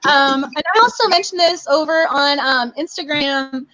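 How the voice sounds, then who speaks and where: Gushing high-voiced young woman, dry sound. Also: normal speed, bright, forceful tone, no room sound, poor audio. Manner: bubbly and gushing, with frequent laughs and fillers. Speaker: book club live stream host. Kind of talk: casual live stream chat.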